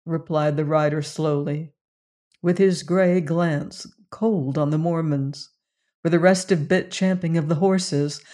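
A narrator hosting and reading a western novel aloud in a measured, deliberate manner. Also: mid-range voice, darkish tone. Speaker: audiobook narrator and show host.

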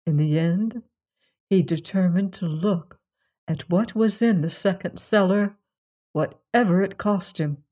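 A storyteller reading a fairy tale aloud in a slow, measured manner. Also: medium pitch, dark tone.

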